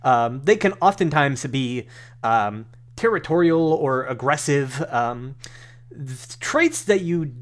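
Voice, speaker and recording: A man's voice: mid-range voice, lively intonation, slow. A man narrating a tabletop game as game master, rambling through his descriptions with many fillers and restarts.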